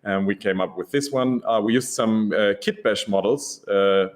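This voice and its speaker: A man's voice: on the low side, normal speed. A man giving a casual, enthusiastic conference presentation, laid-back and full of ums.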